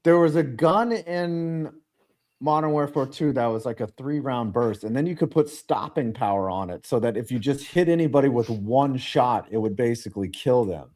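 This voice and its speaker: A man's voice: mid-range voice, moderate pace, darkish tone. A man hosting a casual livestream, telling rambling profane stories with many restarts. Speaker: livestream host.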